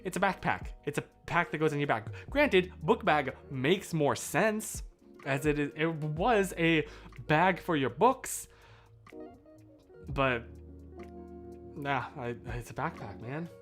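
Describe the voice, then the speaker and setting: A male streamer talks loosely into a boom mic. His pitch swings a lot as he wanders from thought to thought and keeps breaking off mid-sentence. Soft music plays low behind him. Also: takes it slowly, pauses often. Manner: rambling, animated, self-interrupting. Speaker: livestreamer. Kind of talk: casual livestream chat. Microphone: boom mic out of shot.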